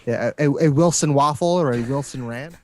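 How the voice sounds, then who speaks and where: A man co-hosting a casual livestream, chatty and quick to laugh. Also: medium pitch, darkish tone. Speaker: livestream co-host.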